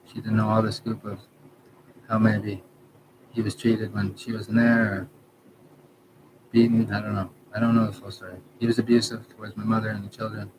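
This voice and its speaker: Low, flat-voiced man rambling over noise. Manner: halting, trails off, many restarts and self-corrections. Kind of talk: rambling personal monologue. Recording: background noise.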